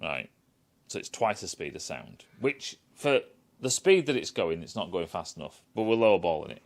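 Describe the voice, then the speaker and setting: A man rants through a casual review in a lowish voice that swings widely up and down. He swears freely, mocks what he describes and keeps restarting his sentences. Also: very animated, moderate pace, gravelly. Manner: sweary and scornful, rambling with many restarts. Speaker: TV critic.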